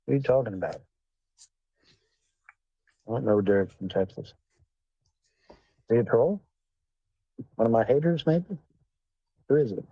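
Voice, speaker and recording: A man's voice: medium pitch, lively intonation, unhurried, long pauses, husky, no room sound. A man hosting a casual livestream chat, rambling and swearing bluntly as he talks with callers. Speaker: livestream host. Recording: dull lo-fi sound.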